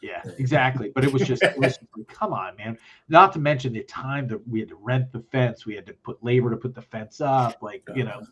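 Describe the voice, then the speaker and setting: A man's voice: medium pitch, a little fast. A man telling a story as a podcast guest, swearing often and acting out what people said. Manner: profane, animated, acts out quotes. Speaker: podcast guest, festival organizer. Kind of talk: casual storytelling.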